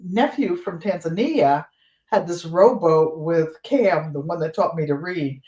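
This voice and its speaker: An older woman, a guest on a casual livestream, tells family stories with energy and slips into high voices for the people in them. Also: unhurried. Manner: animated storyteller, voices the people in her stories. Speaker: guest storyteller. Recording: roomy echo.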